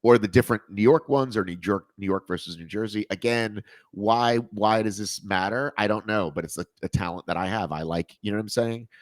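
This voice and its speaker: A man from Boston hosts a podcast in a lowish, excitable voice, cursing casually as he chats. The sound is dry and close, with no room around it. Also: brisk, hardly any pauses, no echo. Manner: excitable, swears casually, self-mocking. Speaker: podcast host. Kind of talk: casual chat.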